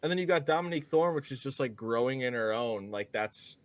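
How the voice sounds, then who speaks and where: A man's voice: mid-range voice, lively intonation, a little fast. A man co-hosting a casual podcast review, talking in a loose, laid-back way with lots of filler words. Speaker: podcast co-host.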